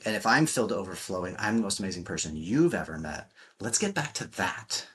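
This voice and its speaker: Male coach, podcast guest; low, husky, forceful delivery, blunt and profane. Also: expressive, fast talker. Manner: emphatic, blunt, swears freely, acts out quotes. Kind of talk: podcast interview talk.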